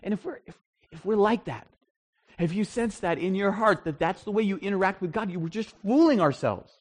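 A man preaching a sermon in a conversational, animated storytelling way, with frequent restarts. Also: high-pitched, a little fast. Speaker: pastor.

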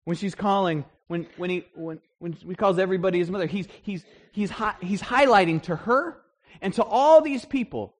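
Animated high-voiced male preacher. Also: normal speed. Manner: animated, acts out quoted voices. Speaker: pastor. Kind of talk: sermon.

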